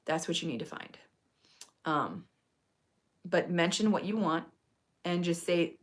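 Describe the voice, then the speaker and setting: Chatty woman herbalist, low voice. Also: animated, a little slow. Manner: chatty, earnest, frequent fillers and restarts. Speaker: herbalist host. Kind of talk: casual advice talk.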